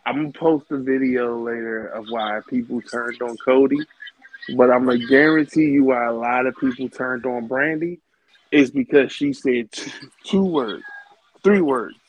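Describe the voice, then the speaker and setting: A man's voice: medium pitch, normal speed, rough recording. A man co-hosting a casual wrestling podcast, talking in a blunt, slangy, emphatic way. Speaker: podcast co-host.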